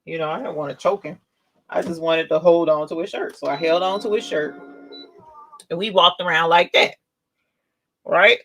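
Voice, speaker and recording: An older woman, a grandmother, hosting a casual live craft stream and telling an animated, chatty story while demonstrating. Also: lowish voice, low-quality recording.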